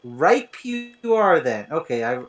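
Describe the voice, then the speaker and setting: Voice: medium pitch, sing-song, takes it slowly. A speaker chatting casually on a video call, hesitant and stumbling over words. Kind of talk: casual chat.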